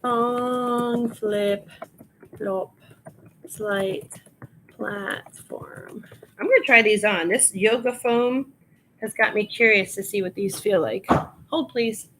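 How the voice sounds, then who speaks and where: A middle-aged woman from Long Island hosts a casual live stream, talking with viewers as she works. Her voice sits at a middle pitch, and she laughs easily. A faint hiss runs underneath. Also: steady tone, takes it slowly, pauses often, fairly bright tone. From Long Island, New York. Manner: chatty, laughs often, talks to viewers, reads out item details. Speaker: reseller livestream host. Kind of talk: casual livestream chat while processing inventory.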